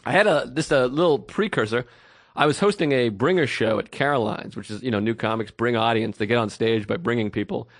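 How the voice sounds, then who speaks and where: A man's voice: medium pitch, fairly quick, no room sound, clean studio sound. A man in his thirties co-hosting a podcast, telling rambling self-deprecating stories in casual chat and acting out the quotes. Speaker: podcast co-host.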